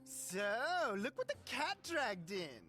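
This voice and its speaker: A woman's voice: a little high, very animated, slow, fairly bright tone, full character voice. A brash sarcastic cat chairman. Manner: sarcastic, dismissive, wheeling-dealing. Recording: game audio with faint music.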